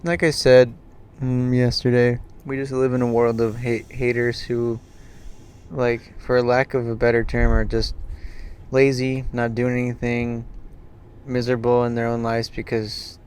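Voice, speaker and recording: A young man on a casual podcast with a smooth, clear, mid-pitched voice. He talks calmly and thoughtfully, offering steady support to his co-host. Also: a little slow.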